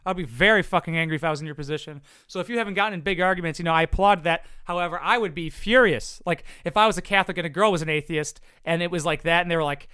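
A man's voice: on the high side, racing, few pauses, pushed and bright, clear, resonant tone, dry recording. A man giving casual advice to viewers in a blunt, profane, rambling way. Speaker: content creator answering viewer questions.

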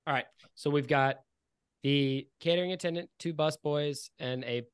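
A man's voice: fairly high pitch, normal speed, smooth, no echo, studio quality. A man narrating as game master, rambling and repeating himself with lots of "like". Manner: rambling, repeats words, many "like"s.

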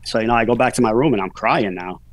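A man's voice: mid-range voice, fast talker, poor audio. A man in his forties, a guest author, telling a personal story in a casual, rambling way, full of "you know" fillers.

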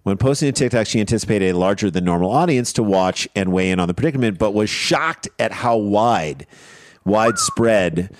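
A man's voice: on the low side, lively intonation, a little fast. A man co-hosting a casual comedy chat, retelling a news story with wry asides. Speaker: podcast co-host.

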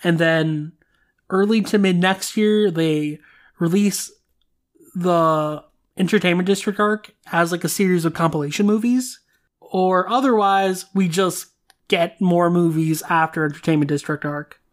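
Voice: mid-range voice, unhurried. A podcast host talking casually and speculatively, with lots of fillers. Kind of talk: casual chat.

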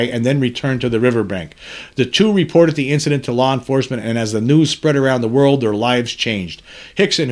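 This male podcast host reads news articles aloud, then pauses to add his own commentary. Between the read passages he sounds earnest and somber, his voice pitched at an ordinary middle level.

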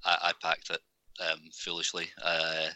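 A man's voice: sits low, completely flat delivery, unhurried, pushed and bright, low-quality recording. A man co-hosting a podcast in casual chat, rambling and self-deprecating. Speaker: podcast co-host.

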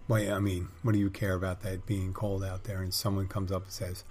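A man's voice: sits low, completely flat delivery, fairly quick, few pauses, a little mellow, faint music behind. A middle-aged man hosting a podcast, telling wry, crude, rambling stories in a casual monologue. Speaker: podcast host.

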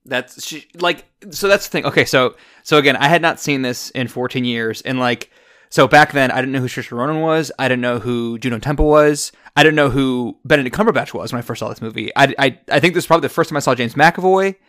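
A man's voice: mid-range voice, a little fast, a bit bright. Chatty male podcast host. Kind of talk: casual film discussion.

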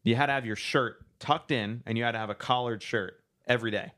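A man's voice: medium pitch, brisk. A young man casually telling a long story, acting out quotes along the way. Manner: animated storyteller, acts out quotes.

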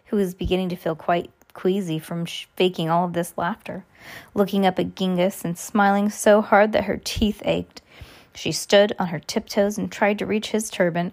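A woman reading a children's novel aloud and voicing every character herself. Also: unhurried. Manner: reads all parts herself, high giggles for characters. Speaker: reader. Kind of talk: audiobook reading.

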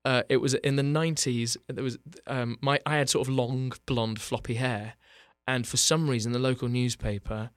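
A chatty man, telling stories about himself in a self-deprecating way. He often restarts his sentences. His voice sits at an ordinary pitch and the recording is close and dry. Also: fairly even intonation, moderate pace, few pauses, no room sound. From England, Bath. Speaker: actor guest. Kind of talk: casual interview chat.

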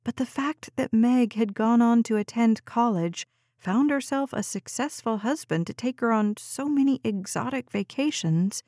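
A woman reading a novel aloud as an audiobook narrator, in calm and measured scripted narration. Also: a little high, dry recording, clean studio sound.

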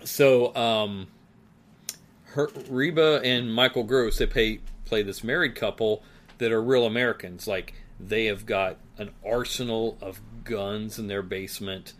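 A man's voice: lowish voice, fairly even intonation, a little slow. A man co-hosting a podcast, rambling casually with restarts and easy laughs. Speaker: podcast co-host. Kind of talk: casual chat.

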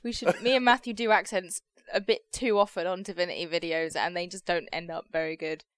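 A woman's voice: on the low side, a little fast, no room sound. A woman co-hosting a podcast, chatting lightly and poking fun at herself. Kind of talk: casual chat.

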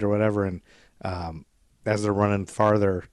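A man's voice: lowish voice, flat delivery, normal speed, a little mellow, clear, resonant tone, no room sound, clean studio sound. A man hosting a podcast, retelling a story in rambling casual chat and acting out quotes with swearing. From Scottish descent, grew up in America. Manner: rambling, acts out quotes in shifting voices, swears freely. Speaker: podcast host.

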